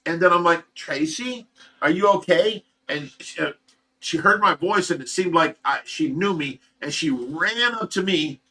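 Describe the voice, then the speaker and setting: A livestream host talks in a rambling, heartfelt way, sharing an emotional personal update. His voice sits a little high for a man and has a bright, forward edge. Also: moderate pace. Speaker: livestream host of a fish rescue. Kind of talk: casual livestream chat.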